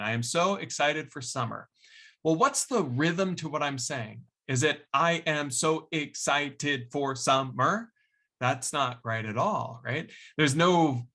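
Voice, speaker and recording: A man's voice: a little high, pushed and bright. A man teaching an online ukulele lesson in an upbeat, encouraging and chatty way.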